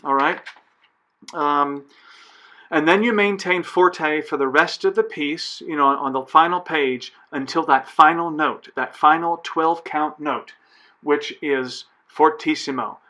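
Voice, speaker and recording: A choir director talks his singers through a piece in a patient, methodical way. His voice sits a little high for a man. He counts beats aloud and sings short examples as he goes. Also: takes it slowly, pushed and bright, rough recording. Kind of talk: recorded choir instruction.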